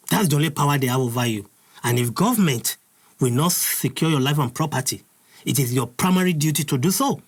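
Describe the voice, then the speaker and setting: Nigerian man, angry preaching host, raspy, somewhat high-pitched. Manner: furious, preaching, repeats his points. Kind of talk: impassioned commentary.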